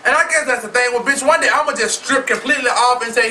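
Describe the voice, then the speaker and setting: A man with a very high, sharply bright voice rants about celebrity gossip in a sassy, flamboyant, profane way, talking straight to his viewers. He sits a little back from the mic, with a faint room hum underneath. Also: fast talker, far from the mic, low-quality recording. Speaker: vlog host.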